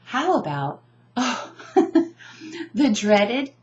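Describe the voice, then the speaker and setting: A woman language teacher explains pronunciation at a slow, unhurried pace, with a mid-range voice. She draws out each example word carefully, syllable by syllable. Between examples her tone stays casual and she keeps checking in with a "right?". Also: medium pitch, lively intonation, lo-fi sound. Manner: slow, drawn-out enunciation of demonstration words.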